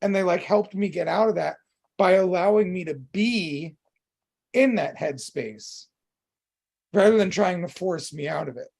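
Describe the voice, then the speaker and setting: A man with a high, husky voice and a gravelly edge, speaking candidly as a podcast co-host. He talks openly about his feelings, swearing freely and stringing thoughts together with plenty of "um" and "like.". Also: unhurried, a little mellow. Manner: open and emotional, swears freely, many fillers. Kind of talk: candid casual chat.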